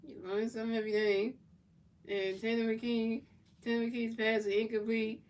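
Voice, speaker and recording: Philly woman streamer, flat delivery, casual play-by-play, mic set back from her. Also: a little high, normal speed, recorded from a distance. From Philadelphia, USA. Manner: repetitive, restarts phrases, casual chat-reading. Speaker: gaming streamer. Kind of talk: play-by-play commentary of a football video game, chatting with viewers.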